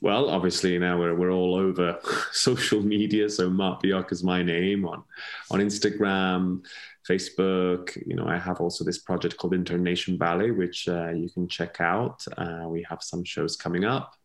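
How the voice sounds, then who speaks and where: A man with a very low voice and a gravelly, crackling edge talks as a podcast guest. His speech is casual and meandering, doubling back on words and leaning on fillers as he goes. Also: flat delivery, normal speed. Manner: rambling with many restarts and fillers. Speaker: podcast guest, ballet dancer. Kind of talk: casual conversational interview.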